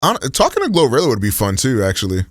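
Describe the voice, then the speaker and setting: A man's voice: medium pitch, huge pitch swings, fast talker, no room sound, clean studio sound. Slangy rambling male streamer. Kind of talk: casual live-stream reaction chat.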